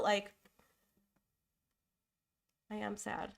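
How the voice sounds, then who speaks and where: Her medium-pitched, level voice is creaky, moving at normal speed with long pauses. Still getting over a cold, this young woman runs a casual, chatty live design stream, thinking aloud, correcting herself, and being openly emotional and apologetic.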